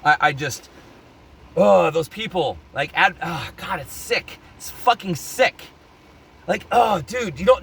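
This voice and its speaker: A man's voice: high voice, pushed and bright. A man ranting to camera in a heated opinion vlog, angry, worked up and swearing constantly. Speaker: vlogger.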